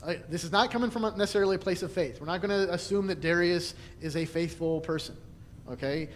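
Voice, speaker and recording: A man leading a casual Bible study lesson, chatty and quick to laugh, often restarting his sentences. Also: high voice. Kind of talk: casual teaching talk. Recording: echoey hall, faint noise.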